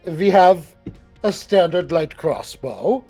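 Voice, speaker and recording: A man playing a tabletop game, chatty and quick with joking asides. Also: high voice, lively intonation, dark tone, faint music behind. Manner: chatty, quick, laughing asides, stammering restarts. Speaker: player. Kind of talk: casual tabletop play.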